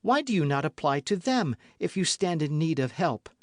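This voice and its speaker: A man's voice: on the high side, sing-song, normal speed, no echo, studio quality, voice pushed up. A man voicing a young woman novice, shy, jealous and devoted, in a breathless, pleading way.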